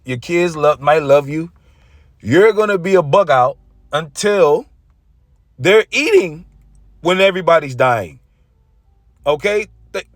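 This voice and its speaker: A man's voice: a little high, no echo, clean studio sound. A man giving an intense, casual religious rant, often stumbling and repeating himself. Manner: intense, repetitive, stumbling over words.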